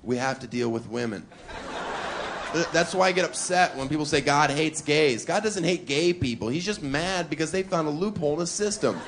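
With a handheld mic in a noisy club full of live audience, this male comic runs a brash, provocative set peppered with wry asides. His voice is on the high side and his pace is normal.

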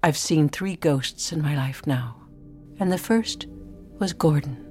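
Woman storyteller, deep low voice, dramatic delivery, slips into whispers, faint music behind. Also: unhurried, breathy edge. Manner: dramatic, dropping often into hushed whispers. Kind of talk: spoken-word storytelling.

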